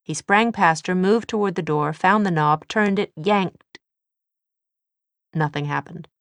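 Low gravelly woman narrating a novel. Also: unhurried, dry recording. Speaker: audiobook narrator.

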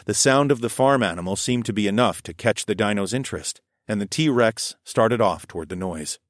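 A man's voice: fairly low pitch, expressive, normal speed, no room sound. Man narrating in a dry, close voice. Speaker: audiobook narrator. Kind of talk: first-person scripted narration.

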